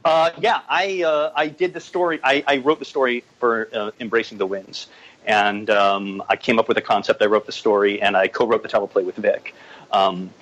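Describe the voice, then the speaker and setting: A man guest, a director and writer, talking casually on a podcast with many pauses and fillers. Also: fairly low pitch, steady tone, fairly bright tone, muffled recording. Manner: hesitant, many fillers, chuckles at his own stories.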